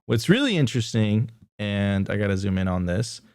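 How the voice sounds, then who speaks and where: A man co-hosting a casual live crypto show, talking in a halting way with many fillers. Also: on the low side, very animated, a little mellow, clear, resonant tone, no room sound, clean studio sound. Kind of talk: casual livestream chat.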